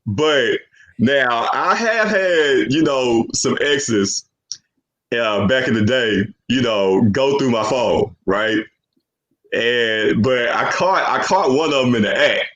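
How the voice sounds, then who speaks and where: A man's voice: medium pitch, lively intonation, slow pace, fairly bright tone, highs cut off. Young guy hosting a podcast, rambly, says you know what im saying a lot. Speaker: podcast host. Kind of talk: casual chat.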